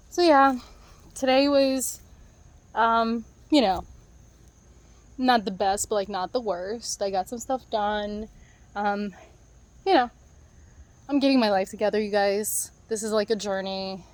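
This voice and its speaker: A woman's voice: medium pitch, measured pace, pauses often. A woman talks into her phone camera out in her backyard in a loose, rambling vlog style. Nearly every phrase is padded with "like" and "um" as she drifts from one thought to the next. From outside the US, moved there as a child. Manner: rambling, filler-heavy, says "like" constantly. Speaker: vlogger. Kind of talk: casual vlog chat. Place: outdoors in a backyard.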